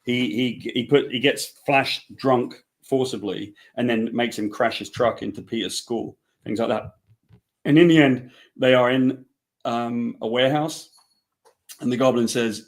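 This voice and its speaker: A man's voice: mid-range voice, unhurried. A man, a comic book writer, talking casually in an interview, rambling and restarting his sentences as he tells stories. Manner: rambling, restarts often, acts out quoted dialogue.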